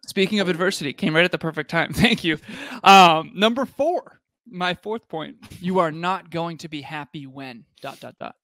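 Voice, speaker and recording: Male podcast host preaching motivational points, repetitive and emphatic, slightly high voice. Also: moderate pace, bright, forceful tone, dry recording. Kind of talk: motivational talk on a live podcast.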